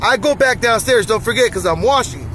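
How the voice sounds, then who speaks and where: A man with a high, light voice tells a story in a loose, rambling way. He swears freely, says "you know" a lot, and sounds streetwise. Loud music plays behind him inside a car. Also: animated, a little fast. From Los Angeles. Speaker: vlogger telling a neighborhood story. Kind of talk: casual storytelling.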